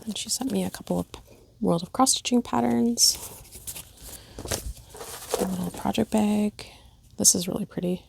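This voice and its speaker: A woman's voice: mid-range voice, normal speed, vocal fry, long pauses. A middle-aged woman chatting casually and gushing as she shows off stitching gifts in a vlog at home. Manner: chatty, gushing, many fillers. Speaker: cross-stitch vlogger. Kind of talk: casual show-and-tell chat. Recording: noticeable background noise.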